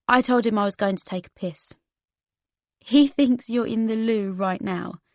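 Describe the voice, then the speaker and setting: A man's voice: high voice, unhurried, no room sound. A woman voicing a blunt, teasing teenage boy with a posh, sardonic edge. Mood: dry.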